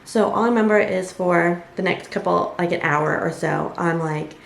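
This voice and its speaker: A woman's voice: lowish voice, moderate pace, vocal fry. A young woman vlogger telling a personal story in a conversational way, with many fillers and quoted asides. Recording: echoey room with faint ambient noise.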